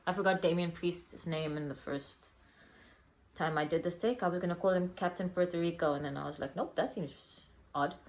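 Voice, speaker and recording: A woman's voice: on the low side, fairly even intonation, fairly quick, a little mellow. A woman casually reviewing a wrestling event for her vlog, rambling a little with lots of ums and small laughs.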